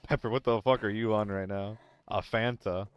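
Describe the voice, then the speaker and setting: This is casual live-stream commentary from a young male gaming streamer playing a shooter by himself. He talks to chat, banters, swears freely, and jumps from topic to topic in a lowish, steady, resonant voice at normal speed; the recording is clear but the highs are cut off.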